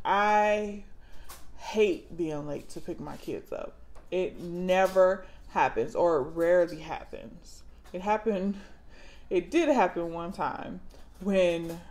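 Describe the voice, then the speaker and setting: A woman in her thirties chats to camera about motherhood in a casual vlog. She takes her time, drawling through her stories, then flares into loud, high-pitched dramatic retellings. Her voice sits at a middling pitch for a woman. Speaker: mom vlogger.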